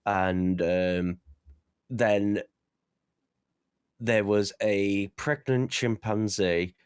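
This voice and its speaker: A young man chatting casually on a podcast, animated, laughing often and swearing freely. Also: fairly low pitch, drawn-out words, clear, resonant tone, dry recording, studio quality. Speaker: vtuber guest.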